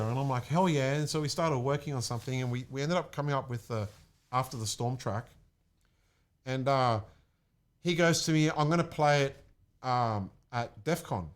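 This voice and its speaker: A young man from Australia, telling an excited story in a casual chat and acting out what people said. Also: medium pitch, normal speed. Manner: excited, animated, acts out quotes. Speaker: guest, music producer.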